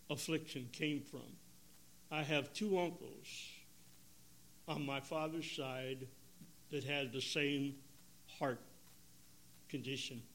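Emotional older preacher. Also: male voice, medium pitch. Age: 70s. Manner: emotional, dramatic swings from loud to hushed. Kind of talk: sermon testimony.

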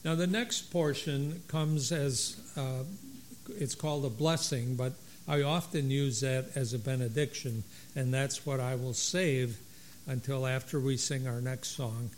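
A man leading a congregation through liturgy. He reads prayers in a measured way and adds plain explanations between them. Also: medium pitch, fairly even intonation, slight background noise, low-quality recording. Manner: slow, measured reading of prayers with plain asides.

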